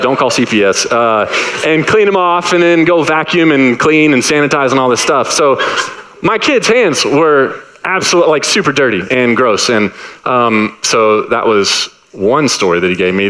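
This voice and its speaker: A man in his thirties preaching a sermon, telling family stories in a casual, animated way and acting out the voices of his kids. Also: medium pitch, poor audio. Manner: casual, repeats words and restarts. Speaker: pastor. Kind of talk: sermon with personal anecdotes.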